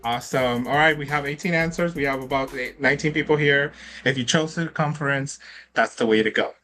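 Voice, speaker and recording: A man's voice: medium pitch, brisk, pushed and bright, soft background music. A man hosting an online trivia quiz, upbeat and chatty, laughing often as he reads out questions and scores. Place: online event with participants in chat.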